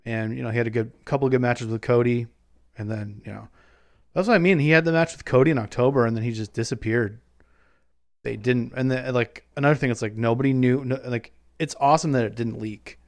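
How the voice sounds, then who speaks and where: A man co-hosting a podcast in casual chat, telling anecdotes with quick asides. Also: medium pitch, no echo. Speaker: podcast co-host.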